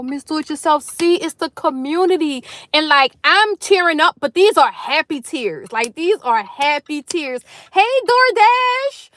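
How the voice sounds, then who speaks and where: Her voice sits high with a fairly bright tone as she runs a laid-back livestream from her car in the carpool line. The host greets viewers by name and talks to them effusively, and no room sound is audible.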